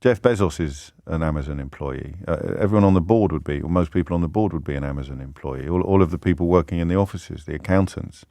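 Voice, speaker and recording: A man hosting a talk radio phone-in, speaking in an animated, indignant way and firing off rhetorical questions. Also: rumbling low, fast talker, few pauses, no echo. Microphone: studio microphone.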